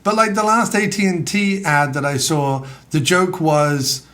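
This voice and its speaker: A man's voice: on the high side, sharp tone. A man in casual podcast chat, sarcastically acting out imagined conversations as he riffs on movie topics. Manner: sarcastic, acts out mock dialogues in quick bursts. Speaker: podcast co-host.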